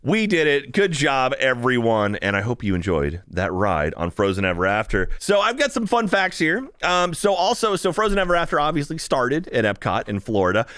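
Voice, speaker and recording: A man's voice: medium pitch, big pitch swings, moderate pace, few pauses, a bit bright, clean tone, no room sound, clean studio sound. A man hosting a podcast, reading a sponsor spot and chatting casually with enthusiasm, rambling as he goes. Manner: enthusiastic, rambling, with playful voices. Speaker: podcast host. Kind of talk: casual podcast chat and ad read.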